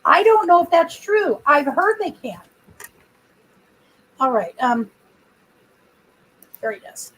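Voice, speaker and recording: Her voice sits high and swings widely in pitch, with a fairly bright tone, a slow pace, and long pauses. She's hosting a casual livestream, rambling through chat and stories for viewers. The recording is rough, picked up only by her computer's built-in mic rather than an external one.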